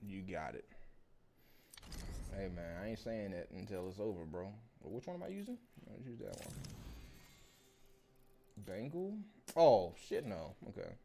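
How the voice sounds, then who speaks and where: A young man, streaming a game pack opening with animated, slangy, swearing commentary. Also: sits low, a little slow, creaky, long pauses, background noise.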